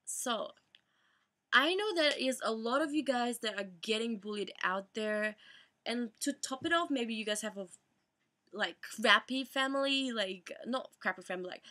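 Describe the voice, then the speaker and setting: A young woman telling her personal story in a vlog, emotional and halting, fighting back tears, full of fillers and restarts. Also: medium pitch, bright, forceful tone. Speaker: vlogger.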